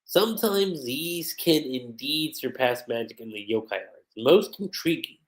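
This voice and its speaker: A man voicing a scheming, pompous female villain who speaks in a smug, drawn-out way. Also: medium pitch, lively intonation, natural voice. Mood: intrigued.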